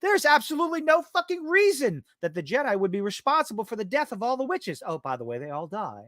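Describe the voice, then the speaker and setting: A man's voice: extremely high pitch, very animated, fast talker, a bit bright, no room sound, studio quality. A man hosting a live-stream podcast, ranting about a show with heavy swearing and exasperation. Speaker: podcast host.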